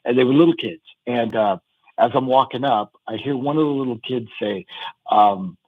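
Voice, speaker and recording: A man calling in to a radio show, telling a fond memory in a rambling, halting way with lots of fillers and restarts. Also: mid-range voice, no echo, narrow, tinny audio. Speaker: caller sharing a fan memory. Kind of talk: casual phone-in storytelling.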